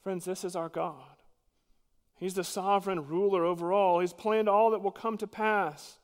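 A man preaching a sermon as pastor, earnest and emphatic, dropping suddenly to quiet at times. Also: high voice, steady tone, normal speed, big-room sound.

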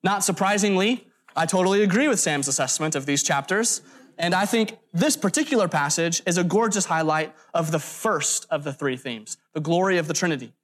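A man's voice: a little high, animated, a little fast, fairly bright tone. A man preaching a sermon in an earnest, emphatic way, stressing lists of words and breaking off for brief asides. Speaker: pastor.

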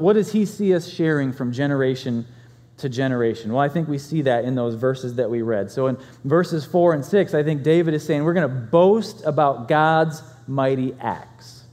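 A male pastor preaching a conversational sermon, telling stories with animated swings in loudness. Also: mid-range voice, normal speed, big-room sound.

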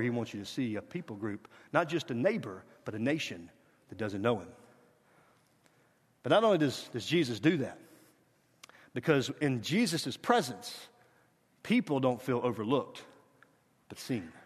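A middle-aged man preaching a guest sermon, animated and urging the congregation to repeat after him, at times dropping to a quiet hush. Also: mid-range voice, moderate pace, pauses often, husky. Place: church sanctuary. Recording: reverberant church hall.

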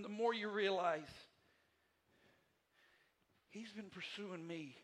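Male pastor, high bright voice, emphatic repetitive sermon delivery. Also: takes it slowly. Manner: repetitive, emphatic preaching with swings between soft and loud passages. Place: church sanctuary.

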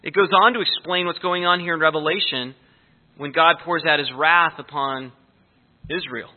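A man's voice: fairly high pitch, steady tone, moderate pace. A man with a slightly raised voice gives an earnest, explanatory verse-by-verse sermon. The sound is thin and narrow, as if it came down a phone line. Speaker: Bible teacher.

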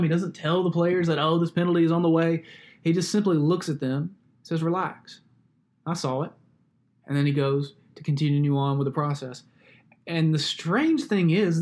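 A young man from Alabama preaching a sermon in a conversational way, with stories and asides. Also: a little high. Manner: conversational, uses sports stories and tag questions. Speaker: pastor.

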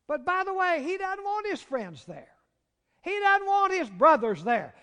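A man with a Southern American accent preaching a sermon, dropping to hushed, drawn-out words and rising to loud, urgent cries. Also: very high voice, big pitch swings. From Southern United States. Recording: long reverb of a large hall.

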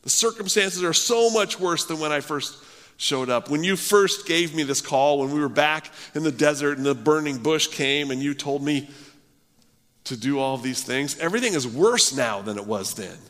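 Preacher voicing Moses: agitated man complaining in a pinched high voice, long hall reverb. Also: animated, normal speed, fairly bright tone. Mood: exasperated complaining. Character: exasperated whining Moses, grown man, complaining.

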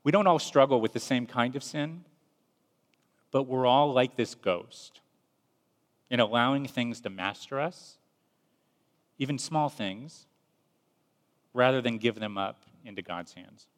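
A man preaching a sermon in a measured, earnest storytelling manner. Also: medium pitch. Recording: long reverb.

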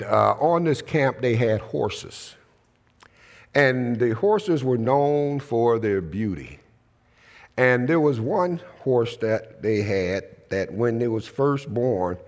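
Gravelly Pentecostal preacher in a reverberant hall. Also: male voice, mid-range voice, expressive. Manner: storytelling, drawn-out emphatic phrasing. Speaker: pastor. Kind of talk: Pentecostal sermon with call-and-response.

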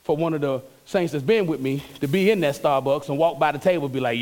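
High-voiced man preaching a lively sermon. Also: fast talker. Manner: preaching with dramatic quoted voices, playful asides. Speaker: pastor.

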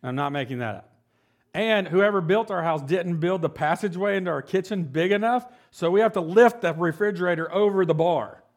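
A pastor in his forties, with a voice that sits high and moves a little fast, delivers a casual sermon. He jokes, keeps it conversational, and checks in with the congregation by asking "right?" often.

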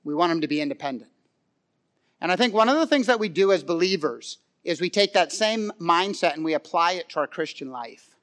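High-voiced man preaching a sermon. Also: a little fast. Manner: conversational, with frequent fillers and audience questions; swings from loud animated stretches to hushed, quiet emphasis. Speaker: pastor.

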